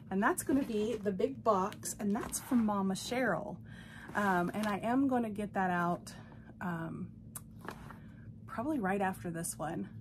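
A woman vlogging from home, gushing and excitable as she unboxes dolls and reads a friend's card aloud in casual chat. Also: mid-range voice, noisy background. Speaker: doll collector vlogger.

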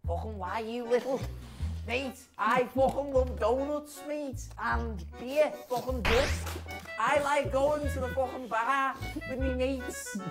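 A man's voice: extremely high pitch, steady tone, over music, voice pushed up, exaggerated voice. A man playing a blokey, beer-loving male DEA cop who swears constantly and drawls his words, from a comedy video. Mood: gruff, boozy. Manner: slow, swaggering, swears constantly.

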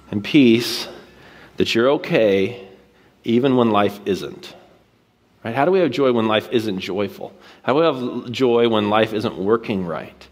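A man preaching from a church stage in a relaxed, conversational way. His voice sits at a middle pitch, and he tells a neighborhood story before turning to his point. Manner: casual, storytelling, animated quoted voices. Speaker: guest preacher. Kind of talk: sermon with personal story.

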